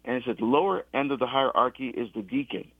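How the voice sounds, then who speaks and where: A middle-aged deacon from the US East Coast in a conversational faith talk, telling his story with many restarts and animated quoted exchanges. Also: medium pitch, quick pace, vocal fry, dry recording. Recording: dull lo-fi sound.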